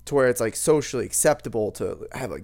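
A man's voice: medium pitch, quick pace, gravelly. A young man in casual chat, rambling and swearing freely as he rants about a video game. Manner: rambling, profane, animated ranting.

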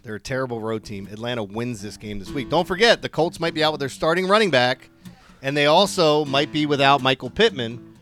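A man's voice: mid-range voice, expressive, a little fast, a bit bright, soft background music. A man co-hosting a sports radio show, joking and bantering casually about betting picks. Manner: playful, jokes and breaks into song.

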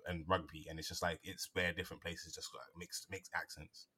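A man's voice: low voice, level tone, fairly quick, sharp tone, slightly rough. A man in casual podcast chat about actors and accents, rambling with fillers and restarts.

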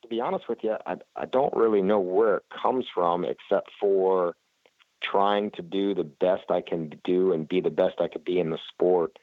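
A man's voice: low-pitched, normal speed, no room sound, narrow, tinny audio. A man, a racer being interviewed, talking casually and rambling with lots of fillers and restarts. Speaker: flat track racer, guest.

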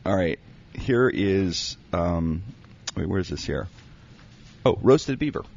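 A man with a low, husky voice delivers a rambling comedic bit, his pitch leaping around as he jokes. The recording is dull and lo-fi. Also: expressive, takes it slowly, darkish tone. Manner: rambling, jokey, breaks into laughter. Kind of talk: comedic banter, reading a recipe aloud.

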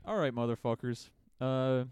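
A man's voice: medium pitch, normal speed, a little mellow, smooth, no echo. A young man co-hosting a casual podcast, rambling, swearing freely and laughing often. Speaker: podcast co-host.

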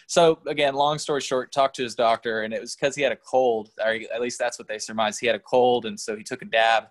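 A man's voice: medium pitch, steady tone, a little fast. A man telling a story in a loose, rambling way, full of fillers and swearing, in a casual chat.

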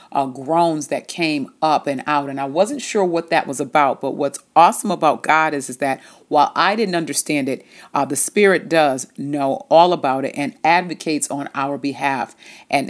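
A woman reading scripture and giving an earnest, emphatic devotional talk to her listeners, with drawn-out words and some fillers. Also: low voice. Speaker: devotional host.

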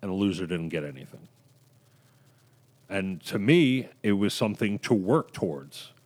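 A man from New York telling stories in a relaxed, casual group chat and laughing often. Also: low voice, normal speed.

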